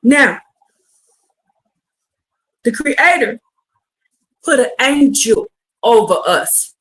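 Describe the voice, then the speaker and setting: A woman preaching a livestreamed sermon, fervent and building to shouted exhortation. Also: a little high, expressive, very slow.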